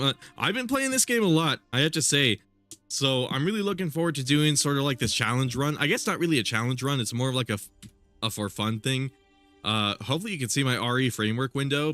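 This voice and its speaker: A man's voice: mid-range voice, pushed and bright. A congested young man streaming a game, talking casually and rambling with lots of fillers. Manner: rambling, filler-heavy, with frequent laughs. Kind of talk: casual live-stream gameplay commentary.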